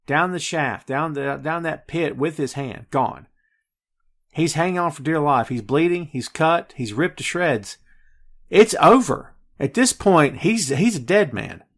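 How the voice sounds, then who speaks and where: A man's voice: on the high side, unhurried. A man hosting a podcast, chatting casually and with energy about a film and addressing his listeners directly. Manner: animated, addresses listeners as folks and kids. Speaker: podcast host. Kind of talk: casual movie review chat.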